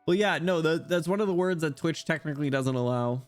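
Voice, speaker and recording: A man streams a game with casual commentary, joking, swearing, laughing easily, and reading dialogue aloud in a crude, playful manner. His voice is on the high side and brisk, with soft background music.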